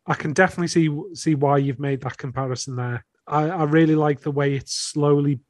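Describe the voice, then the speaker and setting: A man's voice: a little high, fairly even intonation, brisk, no room sound, clean studio sound. A man co-hosting a podcast in casual chat, hesitant and repeating words as he makes his points about an album. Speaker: podcast co-host.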